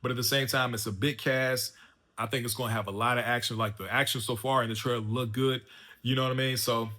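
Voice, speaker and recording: A man reviews a film in an easygoing, chatty way, often circling back with fillers and restarts. His voice is bright and forceful and sits at an ordinary middle pitch. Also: steady tone, fast. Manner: loose and chatty, full of fillers and restarts like "man" and "you know what I'm saying". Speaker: movie reviewer and channel host. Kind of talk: casual spoken review.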